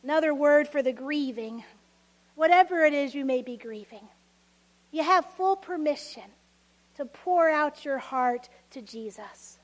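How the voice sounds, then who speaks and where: A woman preaching a sermon, expressive and laughing often, acting out voices of people from the story. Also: sits high, unhurried.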